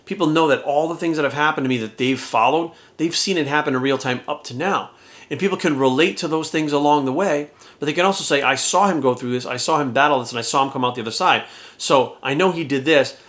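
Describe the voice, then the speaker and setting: A man's voice: fairly high pitch, fairly bright tone. A middle-aged fitness coach talking casually and bluntly to his camera, swearing often as he makes his point. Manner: blunt, profane, heated.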